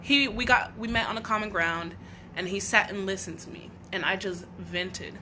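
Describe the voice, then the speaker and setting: A woman from the United States speaks to viewers on a livestream with a bright, sharp tone at a middle pitch. She talks in an earnest, heartfelt way, often stopping to restart her thoughts, and faint ambient noise sits under her voice. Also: normal speed. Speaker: livestream host. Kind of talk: emotional personal livestream talk.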